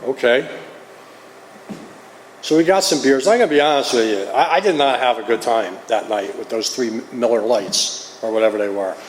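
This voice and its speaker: A man's voice: medium pitch, normal speed, a little hiss or hum. New Jersey man confessing in a hall. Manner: earnest, confessional storytelling. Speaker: recovery meeting speaker. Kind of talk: personal testimony. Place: meeting hall. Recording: roomy hall, faint ambience.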